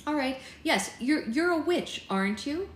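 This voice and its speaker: A flustered young witch, stumbling over her words in a raised, higher voice, as a woman reading aloud puts her on. She stays polite but edges toward impatience, and the room sounds roomy around her. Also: lively intonation, normal speed, a little hiss or hum. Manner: hesitant, stammering.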